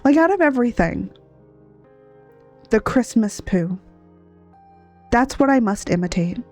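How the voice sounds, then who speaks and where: A woman's voice: a little high, expressive, measured pace, darkish tone, faint music behind. A woman from Texas chatting casually on a live art stream, rambling and laughing often, still sniffly and coughing as she recovers from being sick. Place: home streaming setup at a laptop. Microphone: desk mic, not a headset.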